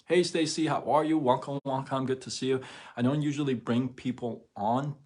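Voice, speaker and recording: A man's voice: mid-range voice, fairly even intonation, normal speed, a little mellow. A man hosting a livestream, retelling a story with tearful emphasis and a stutter that grows when he is moved. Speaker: livestream host. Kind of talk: emotional livestream monologue.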